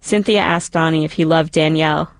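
Low-voiced woman telling a story. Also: a little fast, dry recording. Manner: calm, reflective. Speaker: narrator. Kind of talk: first-person spoken-word story. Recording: narration over a music bed.

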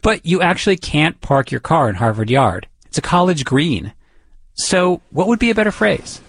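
A man's voice: fairly high pitch, very animated, normal speed, breathy edge, dry recording. A man from the Boston area hosting and narrating a documentary podcast in a wry, conversational way. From Boston area, USA. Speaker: podcast host.

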